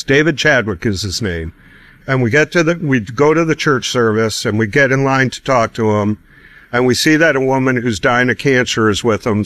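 A man's voice: medium pitch, fairly bright tone, no room sound. A middle-aged man telling a personal faith story, acting out quoted dialogue with bursts of laughter. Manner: laughs between lines.

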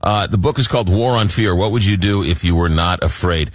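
A man's voice: low-pitched, brisk, dry recording. An American man hosting a talk show, speaking in a rambling way full of fillers and restarts. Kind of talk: interview talk.

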